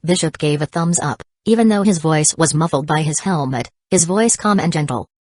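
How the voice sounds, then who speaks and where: A woman narrating an audiobook in a steady, even reading voice. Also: low voice, normal speed, no echo. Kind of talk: scripted narration.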